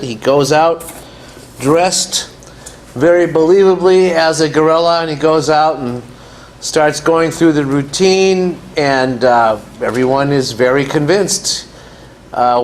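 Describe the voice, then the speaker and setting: A man's voice: fairly high pitch, a little hiss or hum. A man giving a conversational, joking after-dinner lecture as guest speaker in a large hall.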